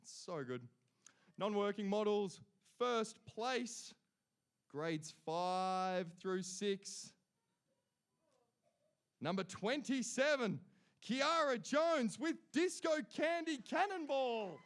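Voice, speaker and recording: A high-voiced man reads out award winners at a ceremony, taking his time over each name. He cheers each winner on and chats between announcements. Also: expressive, slow pace. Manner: enthusiastic, chatty asides between names.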